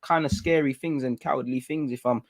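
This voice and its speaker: Man, British accent, livestream host, slangy casual chat, animated and chatty, mid-pitched voice. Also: brisk, slight background noise. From England.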